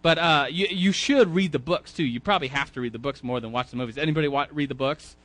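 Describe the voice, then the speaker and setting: A man's voice: fairly high pitch, fast, fairly bright tone. A man teaching a Sunday school class in a church, talking casually, often repeating words and asking the audience questions. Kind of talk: casual sermon.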